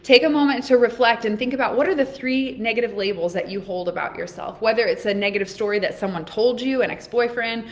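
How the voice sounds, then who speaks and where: A woman's voice: fairly high pitch, quick pace, few pauses. A woman in her thirties hosting a live oracle card reading, talking straight to her viewers in an upbeat, encouraging way. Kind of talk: live-streamed motivational talk.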